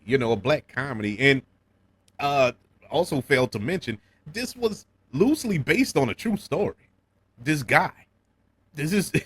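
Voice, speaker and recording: A man with a New Orleans accent talks through a movie review in a loose, conversational way. His pitch swings widely and lively as he goes. He stammers on repeated words and laughs now and then. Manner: animated, repeats words when restarting, chuckles often. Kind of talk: casual film review.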